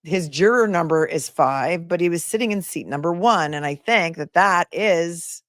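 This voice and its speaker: A woman's voice: on the low side, moderate pace, dry recording, clean studio sound. Chatty woman hosting a livestream. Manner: chatty, reads out comments, asides to viewers. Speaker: attorney and livestream host. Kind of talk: casual livestream chat reading viewer comments. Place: home in a remote area.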